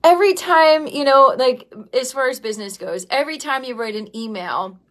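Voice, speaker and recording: A woman's voice: high-pitched, animated, normal speed. A woman in her thirties hosting a livestream, talking casually and with feeling, filling her speech with "um" and "like" while tearful and greeting viewers by name. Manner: rambling, heartfelt, many "um" and "like" fillers. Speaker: livestream host and business coach.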